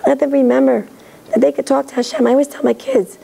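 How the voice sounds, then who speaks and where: A middle-aged woman lecturing in a synagogue, talking directly and lively and acting out parents' voices. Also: high voice, quick pace, gravelly, poor audio.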